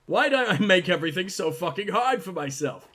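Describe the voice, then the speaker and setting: A man's voice: sits high, lively intonation, moderate pace, bright, forceful tone. A man giving crude, sarcastic and profane commentary while playing a video game, often talking back to the characters on screen. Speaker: gaming video host. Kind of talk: let's-play commentary.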